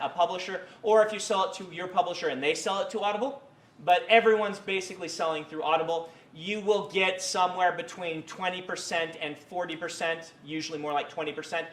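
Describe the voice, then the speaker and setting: Male lecturer, casual classroom talk, slightly raised pitch, filler-heavy rambling delivery. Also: fairly bright tone. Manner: rambling, many fillers and self-corrections. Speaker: university creative writing lecturer. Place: university lecture room.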